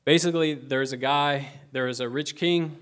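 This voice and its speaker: A young man preaches in a relaxed, conversational way, with plenty of fillers and some self-deprecating asides. His voice sits at a middle pitch and sounds unpolished but sincere. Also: normal speed. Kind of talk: casual sermon.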